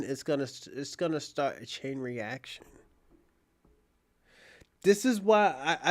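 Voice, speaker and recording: A man hosting his own show in casual live-stream commentary, speaking bluntly and profanely, addressing a viewer directly, and restarting phrases as he thinks aloud. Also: fairly high pitch. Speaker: show host.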